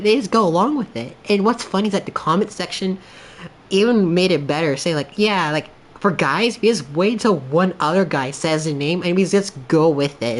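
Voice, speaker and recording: A man streaming a game and talking in a loose, casual way, full of "like" and restarts, laughing often and putting on voices as he retells clips. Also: high voice. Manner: rambling, filler-heavy, laughs often; animated storytelling with quoted voices. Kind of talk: casual livestream chat.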